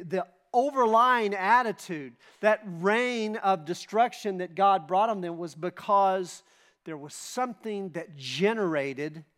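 A man's voice: sits high, a bit bright. A pastor preaching a sermon, emphatic and dramatic as he retells scripture and asks the congregation rhetorical questions.

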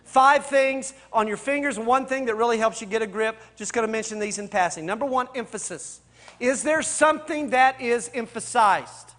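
High-voiced pastor teaching Bible study. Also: male voice, sharp tone. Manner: rhetorical questions, repeats key points; addresses listeners directly and casually.

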